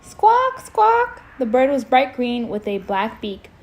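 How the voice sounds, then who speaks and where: A woman reading a scary story aloud in a casual, expressive way, breaking off to chat. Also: fairly high pitch, moderate pace, rough recording. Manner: chatty, expressive, breaks off to comment. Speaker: amateur audiobook reader. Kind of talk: casual read-aloud with commentary.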